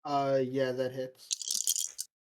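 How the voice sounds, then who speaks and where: A man running a tabletop game as game master, pausing often with ums and uhs. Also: mid-range voice, completely flat delivery, smooth. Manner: halting, full of ums and uhs.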